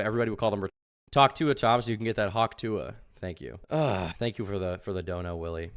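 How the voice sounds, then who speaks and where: A young man streaming, reacting to a podcast with rambling commentary and sudden loud outbursts. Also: on the low side, fast talker, clean tone. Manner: rambling, repeats himself, sudden loud bursts.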